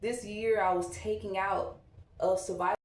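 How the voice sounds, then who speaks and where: Candid mom chatting while getting ready. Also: female voice, medium pitch, fairly even intonation, moderate pace, a little mellow. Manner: candid, reflective, loose conversational delivery. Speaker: vlogger, mom. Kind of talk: casual get-ready-with-me chat. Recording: echoey room.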